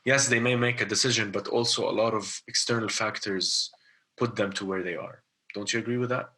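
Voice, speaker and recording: A man's voice: on the low side, steady tone, fairly quick, pushed and bright. A man hosting a podcast, asking thoughtful, probing questions in casual conversation. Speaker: podcast host.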